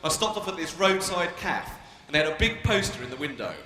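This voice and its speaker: On a large arena stage, a young British stand-up trades cheeky, provocative jabs with the audience. His voice is on the high side, animated and sharp-toned, running a little fast in British English, while the recording carries long reverb and crowd noise.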